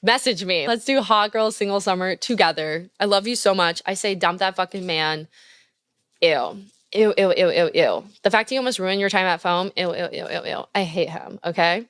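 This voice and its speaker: A woman's voice: fairly low pitch, moderate pace, fairly bright tone, clear, resonant tone, no room sound, clean studio sound. A young woman hosting a podcast, giving casual advice in a blunt, profane, gushing way. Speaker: podcast host.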